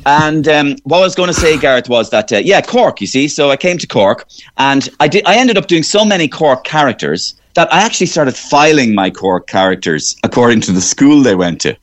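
A man's voice: medium pitch, fairly quick. A man from Waterford with an Irish accent, a comedian rambling animatedly in a radio studio interview. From Waterford, Ireland. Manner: rambling, animated storyteller, slips into voices. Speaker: guest comedian.

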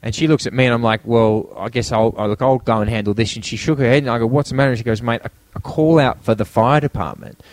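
A man's voice: mid-range voice, steady tone, quick pace, hardly any pauses. A man, a podcast guest and filmmaker, telling a story in casual chat and acting out the quotes.

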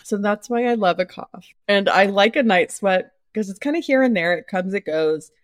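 A young woman co-hosting a podcast, chatting casually, laughing often and telling animated stories. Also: mid-range voice, normal speed, dry recording, clean studio sound. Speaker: podcast co-host. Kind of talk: casual chat.

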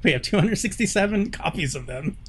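A man's voice: high voice, animated, a little fast, fairly bright tone, slight background noise. Laughing man in easygoing podcast chat. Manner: laughs often, rambling. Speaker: podcast co-host. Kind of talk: casual banter.

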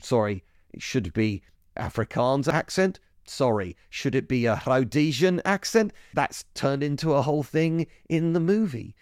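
A man's voice: expressive, unhurried, darkish tone, no echo. Male podcast host, film review monologue, chatty, self-correcting, mid-range voice, dry close sound. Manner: chatty, self-correcting, pitch jumps up when keen.

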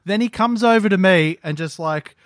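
A man's voice: sits high, moderate pace, no echo, studio quality. A man with an Australian accent chatting enthusiastically as a podcast co-host, swearing freely. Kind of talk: casual chat.

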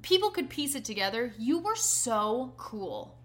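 A woman co-hosting a podcast in casual chat, animated and profane, laughing often. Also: fairly high pitch, measured pace. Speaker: podcast co-host.

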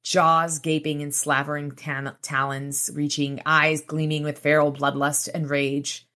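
This podcast host is a woman with a low, bright, forceful voice, though her delivery is flat and a little slow. She reads aloud from a novel and retells scenes in casual commentary, swearing freely, alternating between the two and lightly voicing the characters.

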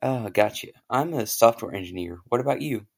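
A man voicing a laid-back American software engineer who talks in relaxed, slangy phrases. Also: mid-range voice, a little fast, gravelly. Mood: easygoing.

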